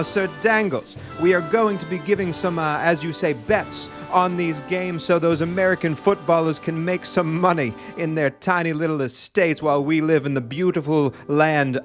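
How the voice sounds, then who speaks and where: A man's voice: a little high, lightly acted. A man hamming up a pompous posh English host. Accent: put-on British English. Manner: theatrical, flowery mock-formal speech.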